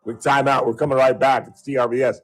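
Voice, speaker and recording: A man's voice: mid-range voice, little pitch movement, fast, fairly bright tone, faint music behind, low-quality recording. A man hosting a call-in talk radio show, ranting at a caller in a heated, sarcastic way.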